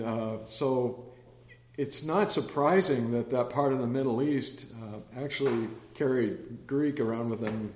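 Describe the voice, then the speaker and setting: Casting note: man in mid pitch leading a relaxed Bible class, talks in loose, repeating stories, roomy echo around him. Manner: chatty, rambling, with anecdotes and restarts. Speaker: Bible study teacher. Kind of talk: casual Bible study teaching.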